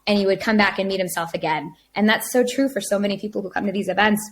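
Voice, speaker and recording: A woman guest on a podcast interview, telling stories in a casual, energetic way, laughing often and acting out quotes. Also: medium pitch, fast talker, slight background noise. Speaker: podcast guest, retreat organizer.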